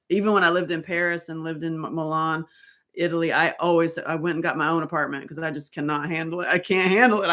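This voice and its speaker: A middle-aged woman telling a story in a casual monologue, animated and blunt, laughing often and swearing freely. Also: low-pitched. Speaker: author and host.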